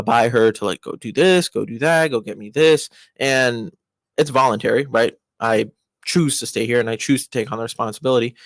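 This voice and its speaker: A young man talks through everyday advice in a loose, rambling way, restarting his sentences and leaning on fillers. His voice sits at a middle pitch and jumps up sharply when he stresses a point. The sound is dry and close, with no room echo. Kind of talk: casual advice monologue.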